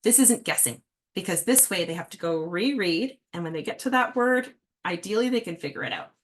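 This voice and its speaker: A woman's voice: fairly low pitch, lively intonation, fairly quick, a little hiss or hum. A woman reading specialist giving a casual, friendly workshop talk to parents, with many fillers. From Canada.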